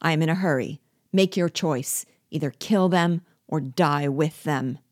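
A woman reading aloud and voicing a cold, commanding male rebel general who speaks in clipped, measured orders. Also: low voice, darkish tone, dry recording, clean studio sound. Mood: impatient. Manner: cold and clipped, then impatient.

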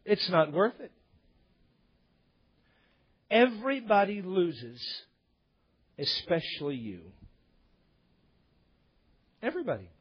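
A man's voice: high-pitched, very animated, slow pace, pauses often, husky, highs cut off. A man preaching a sermon, telling a story and acting out the dialogue of the people in it. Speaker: pastor.

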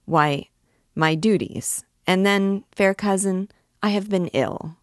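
A woman's voice: medium pitch, slow, no room sound, clean studio sound, pitched above the performer's own voice, close to an everyday voice. A woman reading aloud as a vain, evasive young male army captain who talks in a breezy, offhand way.

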